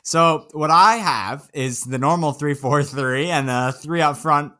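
A man's voice: a little high, unhurried, sharp tone. A man co-hosting a casual sports podcast, who goes through his picks and ribs his co-host in a dry, teasing way.

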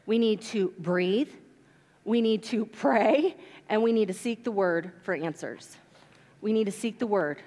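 A woman pastor preaching a sermon in a church, telling stories and acting out quotes with animated delivery. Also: mid-range voice, a little slow. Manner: animated storytelling, acts out quotes. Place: church sanctuary. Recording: long reverb of a church hall.

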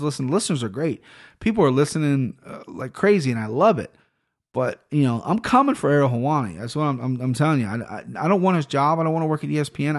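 A man hosting a solo podcast, ranting in a rambling, profane and excitable way into a studio podcast mic at a home recording setup. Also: mid-range voice. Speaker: podcast host.

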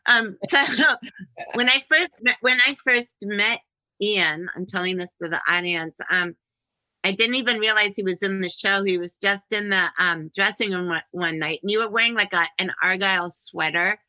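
Woman host, middle-aged, very bright tone, dry close sound, chatty and laugh-prone. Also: mid-range voice, normal speed, no room sound, low-quality recording. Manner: chatty, laughs often, swears casually. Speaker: podcast host. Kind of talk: casual interview chat.

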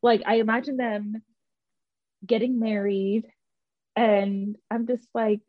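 A woman chatting casually as a mother, reflective and lively when quoting her child. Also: on the high side, slow pace, no room sound, lo-fi sound. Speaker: podcast co-host, mother of a daughter. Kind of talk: casual chat.

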